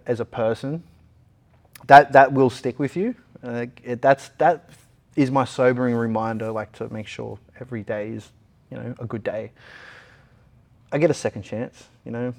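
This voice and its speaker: A young Australian man at a middle pitch tells a personal story in a relaxed interview. He talks casually and brings the story to life by doing the voices of the people in it. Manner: animated retelling, acting out other people's lines. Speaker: interview guest.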